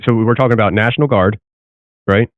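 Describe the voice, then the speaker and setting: A man's voice: fairly low pitch, fast talker, no room sound. A man interviewing, who checks back and sums up what he has heard, over a tinny line. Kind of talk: clarifying questions in an interview. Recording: tinny phone-like line, dry.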